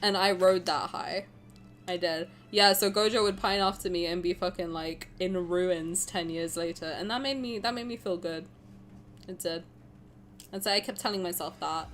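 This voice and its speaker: A woman's voice: medium pitch, animated, moderate pace, fairly bright tone. A young woman streaming a game, chatting playfully with her chat, teasing and swearing freely. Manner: answers chat messages aloud. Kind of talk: casual livestream chat.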